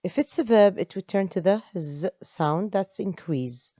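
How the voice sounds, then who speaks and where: A woman's voice: mid-range voice, normal speed, warm tone, dry recording. A woman, an English teacher explaining step by step in an online lesson. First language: Arabic.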